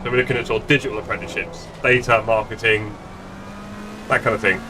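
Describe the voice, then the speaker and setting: A man's voice: lowish voice, steady tone, fast, background noise. A middle-aged man live-streaming sim racing from home, chatting casually with his viewers in a rambling, self-mocking way. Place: home gaming room. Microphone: desk streaming mic.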